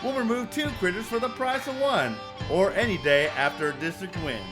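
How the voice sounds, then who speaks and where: Brash exterminator pitchman played by a man, high-voiced, guitar bed under the read. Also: moderate pace, natural voice. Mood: salesy. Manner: loud salesman pitch, folksy and pushy. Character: brash Texan pest-control man, adult, boastful. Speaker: pest control pitchman in a spoof ad. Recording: ad read over clear guitar music.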